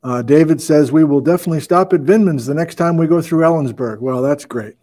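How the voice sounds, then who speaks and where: A man's voice: fairly high pitch, fairly quick, warm tone. A man hosting a casual livestream, upbeat as he greets viewers and reads out where they are watching from. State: out of breath. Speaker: host.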